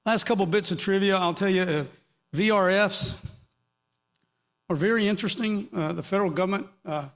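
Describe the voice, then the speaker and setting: At a normal speed and with a voice that sits high, a middle-aged or older man rambles through a casual technical talk for a conference audience. He jokes along the way, and the hall gives his voice a long reverb.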